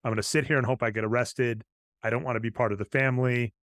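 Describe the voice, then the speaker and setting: A man's voice: medium pitch, fairly even intonation, fast talker, a bit bright, no echo. A man co-hosting a podcast, casually retelling film scenes and quoting the characters' lines. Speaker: podcast co-host. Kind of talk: casual chat recapping a film.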